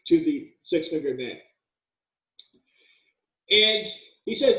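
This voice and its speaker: A man's voice: fairly high pitch, sing-song, slow pace, pauses often, a bit bright. A male college writing instructor giving a casual, joking lecture with frequent fillers and restarts, recorded in an echoey room with the mic at a distance.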